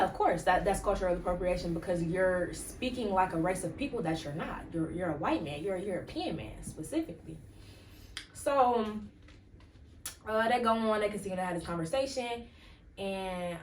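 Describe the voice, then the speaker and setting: With a lowish, animated voice at normal speed, a woman hosts a podcast of casual solo commentary, chatty and rambling and packed with "like" and "um". She is distant from the mic in an echoey room, with slight background noise.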